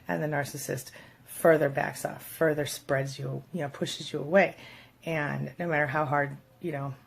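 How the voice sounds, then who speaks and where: A woman with a gravelly, husky voice hosts a casual advice vlog. She speaks straight to her viewers in a chatty way, full of fillers. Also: deep voice, level tone, normal speed. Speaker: vlog host giving relationship advice. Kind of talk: casual talk to camera.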